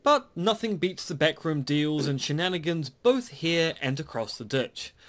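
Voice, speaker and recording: A man's voice: on the high side, big pitch swings, moderate pace, fairly bright tone. A man hosting a podcast, anchoring comedic news segments with a bossy, mock-stern manner. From New Zealand. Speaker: podcast host.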